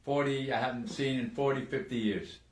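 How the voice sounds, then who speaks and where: An older man co-hosts a casual live stream, speaking at a middle pitch. He tells his stories in an earnest, plain way. The room gives his voice a noticeable echo. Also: steady tone, a little fast. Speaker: retired firefighter, co-host.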